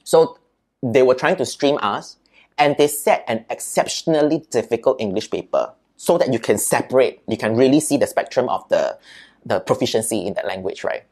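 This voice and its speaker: A man with a Singaporean accent, a podcast guest, telling childhood stories in a lively, chatty way and often adding "right?" and "lah". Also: mid-range voice, moderate pace. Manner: animated storyteller, peppers speech with "right?" and "lah". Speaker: interview guest. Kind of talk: casual storytelling in an interview.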